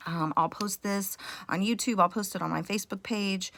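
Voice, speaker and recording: A woman's voice: medium pitch, steady tone, moderate pace, fairly bright tone, a little hiss or hum. A woman teacher recording a mini reading lesson at home for parents and kids, explaining step by step in a patient way with frequent fillers.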